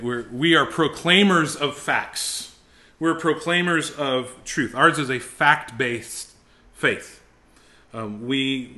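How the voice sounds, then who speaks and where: A man's voice: medium pitch, sharp tone. A middle-aged man teaching a ministry school class on preaching, emphatic and intense, often repeating words as he restarts sentences. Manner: intense, emphatic, rising to fervent exhortation; frequent word repetitions and restarts.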